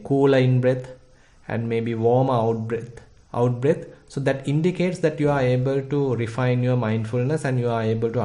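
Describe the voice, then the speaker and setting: Mellow-voiced Sri Lankan monk teaching. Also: male voice, mid-range voice. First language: Sinhala. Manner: measured, thoughtful, pauses with frequent fillers. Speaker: Buddhist monk teaching meditation. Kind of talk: meditation instruction talk.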